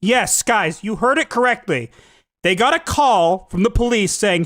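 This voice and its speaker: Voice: medium pitch, lively intonation, measured pace, fairly bright tone, dry recording, clean studio sound. A host giving sarcastic reaction commentary, full of mocking asides.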